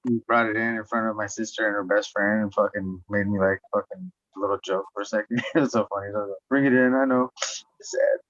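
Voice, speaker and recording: A man's voice: on the low side, flat delivery, fast, hardly any pauses, a bit bright, dry recording. A man telling a rambling story in casual chat, swearing often and laughing as he talks. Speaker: podcast guest. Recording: dull lo-fi sound.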